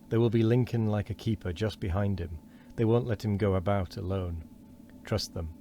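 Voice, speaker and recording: A man with a very deep voice reading the lines of a wheezy, doubting old man who grumbles and pleads by turns. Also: a little mellow, slight background noise, lightly acted.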